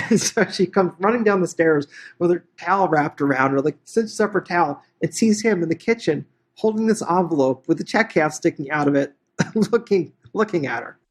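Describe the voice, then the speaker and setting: A man presenting on real estate investing, telling a story in a lively way and acting out each character's lines. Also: on the high side, normal speed. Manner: animated, acts out every character's dialogue. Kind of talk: anecdotal storytelling to an online audience.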